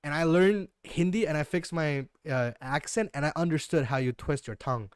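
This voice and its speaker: A man's voice: a little high, normal speed, clean tone, dry recording, clean studio sound. A young man from Northeast India with an Indian English accent, chatting casually and slangily as a livestream trading host. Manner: slangy, relaxed, keeps saying "bro".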